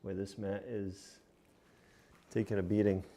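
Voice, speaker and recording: A man with a lowish, warm voice and a flat, slightly slow delivery streams from his home golf simulator. He casually comments on his practice shots, coaching viewers as a group and repeating himself.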